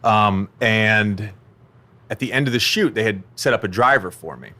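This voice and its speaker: A man's voice: lowish voice, normal speed. A man in his thirties hosting a podcast, chatting casually and telling stories. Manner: storytelling, animated when quoting his toddler. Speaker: podcast host.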